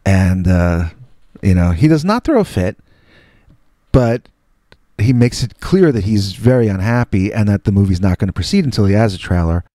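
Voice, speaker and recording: A middle-aged man tells a story about his youth in a loose, casual way, doubling back on his words and making fun of himself. His voice sits on the low side. It is recorded close and dry, with little room sound. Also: animated, moderate pace, warm tone, dry recording. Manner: rambling, self-mocking, many restarts. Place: indoors.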